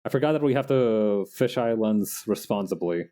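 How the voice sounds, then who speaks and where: A young man casually chatting while he makes digital art, self-mocking and quick to laugh. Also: fairly low pitch, expressive, warm tone. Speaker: digital artist streamer. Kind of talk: casual narration while drawing.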